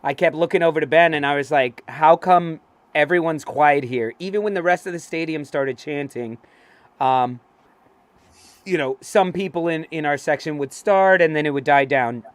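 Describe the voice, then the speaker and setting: A man co-hosting a casual fan talk show, telling stories excitedly, swearing freely and acting out what people said. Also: fairly high pitch, normal speed, clean tone, no echo. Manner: excitable, swears freely, acts out quoted voices. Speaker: co-host. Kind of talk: casual chat, animated storytelling.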